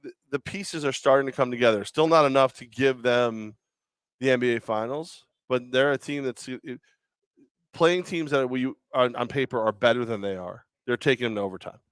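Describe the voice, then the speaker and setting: A man's voice: mid-range voice, normal speed, clean tone, dry recording. A man co-hosting a sports radio show, joking and rambling in casual talk. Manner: rambling, joking, many restarts.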